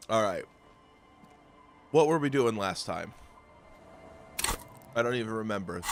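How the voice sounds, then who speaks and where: Sick, gravelly man streaming a game. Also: fairly low pitch, animated, very slow, long pauses, soft background music. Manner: self-deprecating, joking asides. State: under the weather, hoarse. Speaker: gaming streamer. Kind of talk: casual let's-play commentary.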